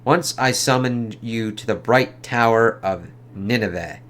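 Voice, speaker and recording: A man's voice: mid-range voice, a little slow, a bit bright, natural voice. A man declaiming as a commanding sorcerer. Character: commanding male sorcerer summoning a creature.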